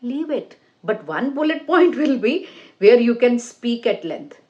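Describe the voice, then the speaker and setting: A woman teaching an online English speaking-test lesson, stressing key words with a deliberate, sing-song delivery and direct appeals to viewers. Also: on the high side, big pitch swings, mellow, lo-fi sound. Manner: slow, repetitive phrasing with direct appeals to viewers.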